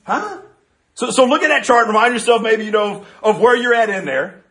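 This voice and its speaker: A male pastor preaches in an animated, joking manner, often restarting his phrases. His voice is high for a man and his pace is quick. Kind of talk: sermon.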